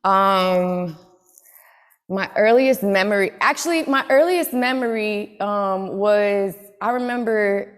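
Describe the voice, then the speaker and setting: A woman's voice: medium pitch, takes it slowly, smooth, in a large hall. A woman actress, a guest on an interview show, emotional and grateful, close to tears. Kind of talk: interview chat.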